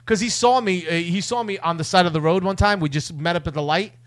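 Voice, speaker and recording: A man's voice: sits high, fast, dry recording. A man telling stories in casual, crude banter as a podcast co-host, often mimicking other people's voices. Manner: animated storyteller, mimics voices.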